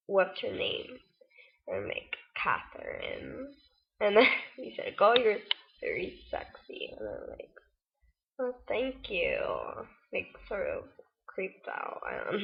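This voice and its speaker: A woman's voice: medium pitch, gravelly. An eighteen-year-old woman telling a rambling, chatty story on her vlog, full of fillers, in lo-fi audio. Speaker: vlogger. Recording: lo-fi webcam audio.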